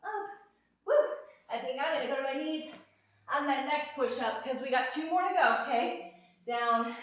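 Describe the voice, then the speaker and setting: Breathless high-voiced woman leading a workout. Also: a bit bright. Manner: upbeat, counting reps, out of breath while exercising. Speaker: fitness instructor. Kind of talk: workout instruction. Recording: echoey room, from a distance.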